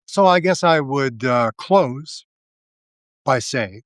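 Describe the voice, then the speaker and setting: A man speaking slowly and haltingly in a casual political commentary, sardonic and full of fillers and restarts. His voice sits at a middle pitch, heard close and dry with no room sound. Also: animated, fairly bright tone, no echo. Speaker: live video host.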